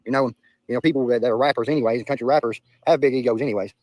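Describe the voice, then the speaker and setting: Reading his chat live, a young streamer from the Southern United States answers in a blunt, casual, profane manner and repeats himself a lot. He talks very fast at a medium pitch, with fairly even intonation and a darkish tone. There's no echo, but the recording is rough.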